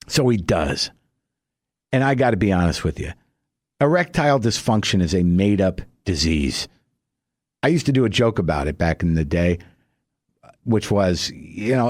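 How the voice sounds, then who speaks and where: A middle-aged man delivering a stand-up monologue, telling a wry story and leaping high and loud for his punchlines. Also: expressive, normal speed, dry recording, clean studio sound. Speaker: stand-up comedian.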